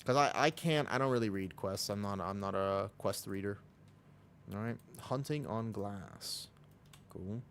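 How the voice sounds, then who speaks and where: A man's voice: lowish voice, moderate pace, fairly bright tone, a little hiss or hum. A man streaming a game, chatting casually with viewers in a rambling way. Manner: rambling, lots of "like" fillers. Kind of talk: casual livestream chat.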